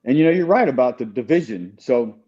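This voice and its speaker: A man tells a story in a relaxed podcast chat, with a warm, mellow tone. He restarts his sentences a lot and fills pauses with "you know." The recording sounds muffled and lo-fi. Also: medium pitch. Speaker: podcast guest.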